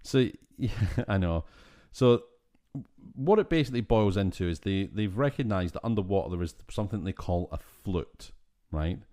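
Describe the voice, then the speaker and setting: A Scottish man recaps a film on a podcast in a deep, low voice. He talks casually and gets animated and exasperated, and he swears freely. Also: normal speed. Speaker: podcast co-host. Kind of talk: casual film-review chat.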